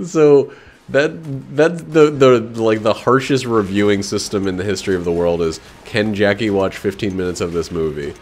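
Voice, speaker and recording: A man casually commenting while he streams a video game, rambling, joking and breaking into excited outbursts. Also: lowish voice, moderate pace. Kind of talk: casual let's-play commentary.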